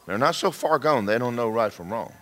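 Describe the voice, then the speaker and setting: A man preaching a storytelling sermon, folksy and animated, with joking asides and sudden shouts. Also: mid-range voice, brisk.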